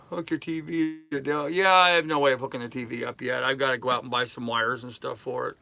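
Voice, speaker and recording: An older man vlogs live from his sailboat in a harbor, reading his live chat and answering in a relaxed, rambling way packed with fillers. His mid-range voice is gravelly and his pace brisk.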